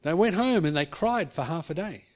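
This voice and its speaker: A man's voice: a little high, expressive, normal speed. A man preaching a sermon, earnest, acting out quoted speech and rising to emphatic peaks. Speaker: pastor.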